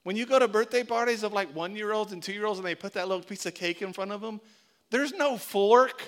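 A man with a high, light voice preaches to his congregation. He is animated and tells stories, slipping into small acted-out scenes to make his point. He talks like a pastor with his people gathered in front of him. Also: a little fast. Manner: animated storytelling, acts out little scenes. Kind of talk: sermon.

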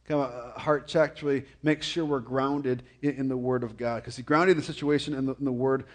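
A man preaching a conversational sermon as a pastor, often repeating and stumbling over words, with jokey, animated asides. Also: mid-range voice, fairly quick. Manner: frequent stammered repetitions.

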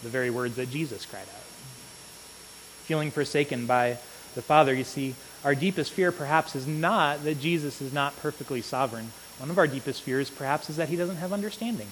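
An earnest male preacher with a fairly high-pitched voice delivers a sermon and keeps turning to his listeners with "right?". His voice rings out with a long reverb in a church sanctuary. A faint hiss runs under the recording. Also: a little fast. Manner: earnest, repeats "right?" to the congregation.

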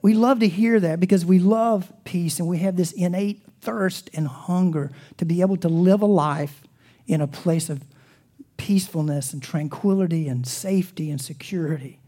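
Mellow-voiced pastor preaching expressively. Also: male voice, high-pitched, moderate pace. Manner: expressive, swings between loud emphasis and hushed near-whispers; soft, reverent prayer. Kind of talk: sermon.

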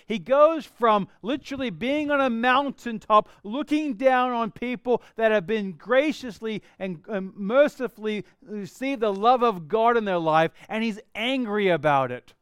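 A male pastor delivers a sermon in a high, ringing voice that stays smooth and clear. He reads scripture with emphatic rises and lively bursts. The sound is dry and close, with no room echo. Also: unhurried, few pauses. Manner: expressive preaching, rising to emphatic bursts when reading scripture.

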